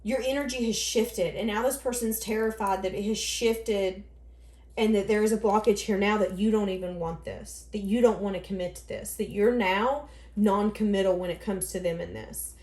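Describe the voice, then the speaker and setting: A woman's voice: mid-range voice, steady tone, moderate pace, darkish tone. A woman giving a casual tarot reading, rambling and thinking aloud as she goes. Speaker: tarot reader. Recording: echoey room.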